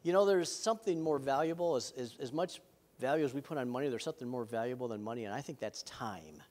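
A man's voice: medium pitch, animated, quick pace, a little mellow. A middle-aged man, a pastor, preaching a sermon in an earnest way with self-deprecating humor.

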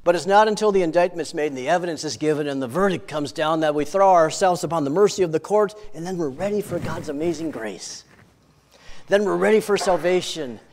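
Storytelling preacher man, fairly high voice. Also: a little fast. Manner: storytelling preacher, swings from hushed to loud; repeats words for emphasis. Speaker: pastor. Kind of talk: sermon.

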